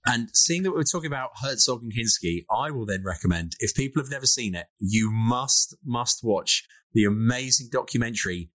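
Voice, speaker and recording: A man co-hosting a casual podcast chat, enthusiastic and animated, acting out quotes as he tells stories. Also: medium pitch, a little fast, few pauses. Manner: enthusiastic, animated storyteller who acts out quotes. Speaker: podcast co-host.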